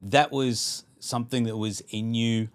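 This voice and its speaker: A man's voice: medium pitch, fairly even intonation, a little slow. A man interviewing a guest, asking reflective questions hesitantly, thinking aloud as he goes.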